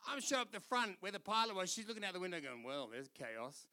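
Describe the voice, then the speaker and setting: Animated high-voiced Australian pastor. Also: male voice, rapid-fire. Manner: animated storytelling, laughing, doing voices. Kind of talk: sermon.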